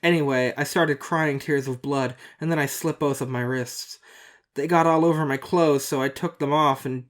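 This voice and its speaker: A man's voice: fairly high pitch, fairly even intonation, normal speed. A man co-hosting a podcast, making dry joking asides and reading fan fiction aloud, stumbling over its misspellings. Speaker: podcast co-host.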